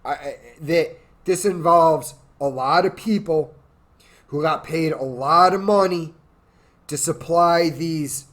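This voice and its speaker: A man's voice: on the high side, slow, fairly bright tone. A tipsy man ranting in a crude, rambling, profane way as host of his own show. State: drunk. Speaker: podcast host. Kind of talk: drunken political rant.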